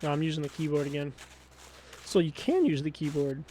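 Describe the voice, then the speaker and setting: A man's voice: on the high side, brisk, dark tone, a little hiss or hum. A man giving profane, exasperated let's play commentary on a game. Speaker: game streamer.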